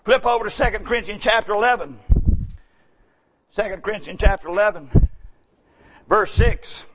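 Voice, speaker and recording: High-voiced preacher, shouting. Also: male voice, normal speed, noisy background. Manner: folksy storytelling, bursts into shouting for emphasis. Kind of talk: sermon.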